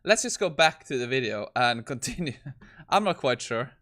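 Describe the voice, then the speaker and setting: A man's voice: medium pitch, expressive, normal speed, bright, forceful tone. A man hosting a tech video who comments casually on a demo and thinks aloud. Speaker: host.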